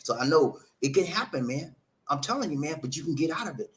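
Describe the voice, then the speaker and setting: A man's voice: a little high, animated, fast. A middle-aged man, telling viewers a personal story in an emphatic way, often tagging on "man" and laughing at himself. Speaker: vlog host.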